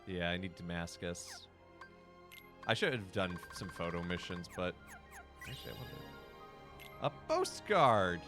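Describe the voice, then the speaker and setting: A man's voice: sits low, normal speed, long pauses, music in the background. A priest hosting a game livestream, chatting casually with his viewers and laughing often. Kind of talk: casual livestream gaming commentary.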